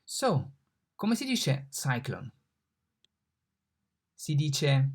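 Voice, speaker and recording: A teacher giving an online Italian lesson, slowly and patiently sounding out letters and repeating words. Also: mid-range voice, lively intonation, vocal fry, husky.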